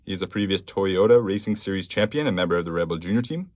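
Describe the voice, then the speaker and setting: A man's voice: low voice, expressive, fast, a little mellow, no echo. A man hosting a casual solo podcast, talking bluntly and offhandedly and reading news items aloud between fillers. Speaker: podcast host.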